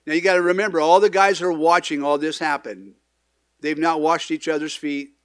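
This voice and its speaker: A man's voice: fairly high pitch, fairly even intonation, moderate pace, dry recording, studio quality. Earnest man preaching a casual sermon. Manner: conversational preaching with frequent restarts and asides; acts out quoted lines with sudden loud emphasis. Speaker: pastor. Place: church sanctuary.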